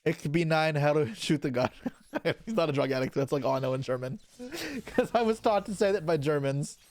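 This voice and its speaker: A man's voice: fairly high pitch, lively intonation, normal speed, darkish tone. A young man chatting casually on a live stream, answering his chat aloud while opening card packs, with offhand swearing. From Canada.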